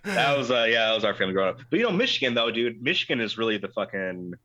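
Podcast co-host, man, bright tone, loose swearing banter. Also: mid-range voice, expressive, very fast, dull audio. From Alabama, USA. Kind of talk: casual chat.

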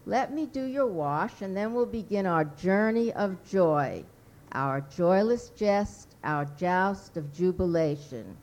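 A pompous, impatient little baron holds forth in a grandiose, condescending way, as a woman reading her story gives him voice. The delivery sits low and unhurried, each phrase drawn out. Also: expressive, darkish tone.

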